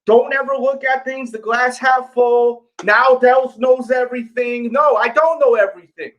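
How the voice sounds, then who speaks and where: A middle-aged man with a New York accent, speaking in a high register. He hosts a casual livestream and talks straight to his viewers, repeating himself and pleading to be heard. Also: fairly even intonation, moderate pace, fairly bright tone, dull audio. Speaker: sneaker channel host.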